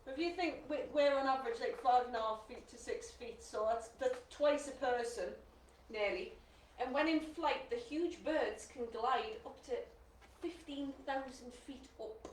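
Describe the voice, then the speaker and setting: A woman's voice: sits high, moderate pace. A woman co-hosting a live bingo stream, chatty and sharing bird facts between laughs. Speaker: co-host reading bird facts. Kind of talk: casual chat with read-out facts. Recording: roomy, distant mic.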